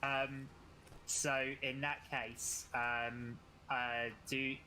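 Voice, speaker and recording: A man's voice: mid-range voice, flat delivery, drawn-out words, sharp tone. A man playing a tabletop game, talking hesitantly with many fillers. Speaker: player. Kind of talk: casual tabletop play. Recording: noisy background.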